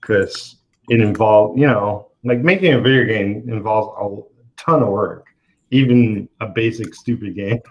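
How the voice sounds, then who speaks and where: A comic artist hosting his channel chats casually while he works, his lowish, slightly mellow voice moving at a measured pace. He tells laid-back stories full of fillers and laughter, heard through muffled lo-fi call audio.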